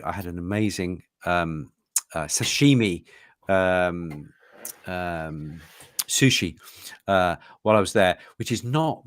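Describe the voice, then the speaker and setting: A man's voice: deep voice, no room sound, clean studio sound. A man co-hosting a casual live show, talking in a rambling, joking, self-mocking way. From England. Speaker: co-host.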